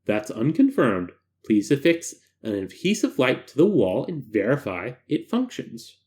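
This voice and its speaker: A man voicing a calm, detached male doctor who gives formal, flat instructions. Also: medium pitch, unhurried, pitched below the performer's own voice. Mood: clinical.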